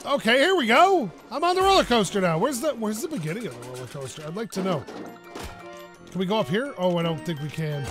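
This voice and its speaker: High-pitched excitable man narrating a game. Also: fairly quick, over music. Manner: excitable and jokey, yelps and rambles. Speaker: gaming YouTuber. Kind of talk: let's play commentary.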